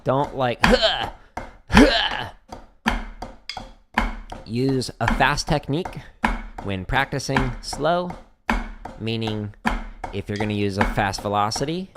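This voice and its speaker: A relaxed man answers viewers' questions in a drumming livestream, breaking off now and then to hum patterns or chuckle. His voice has a light gravelly edge, and clear background noise from drums and clicks sits under the talk. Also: mid-range voice. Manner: relaxed, laughs often, hums drum patterns. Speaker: drumming teacher streaming practice. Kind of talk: casual livestream Q&A while practicing. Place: home studio with drums.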